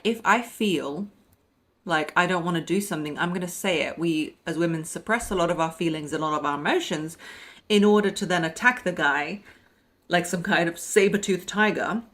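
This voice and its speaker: Blunt, emphatic woman coach, lowish voice. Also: fairly bright tone. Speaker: podcast host and dating coach. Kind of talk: direct advice monologue.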